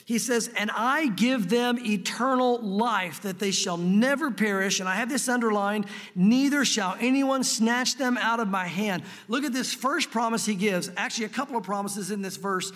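A man preaching a sermon from a church sanctuary, earnest and emphatic, slowing down to read scripture aloud. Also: high-pitched, a bit bright. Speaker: pastor. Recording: long reverb of a large hall.

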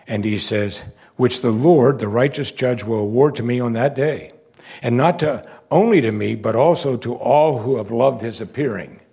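A man preaching a sermon, moving between quiet, reflective asides and loud, emphatic declarations. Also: mid-range voice, normal speed, breathy edge. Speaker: pastor.

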